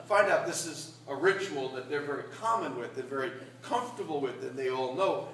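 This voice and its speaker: A man's voice: on the high side, brisk, hardly any pauses, a bit bright, a little hiss or hum. A man, a priest, preaching a sermon in a conversational storytelling way that rises to emphatic peaks. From Catskill Mountains, New York. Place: large church. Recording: echoey church from far off.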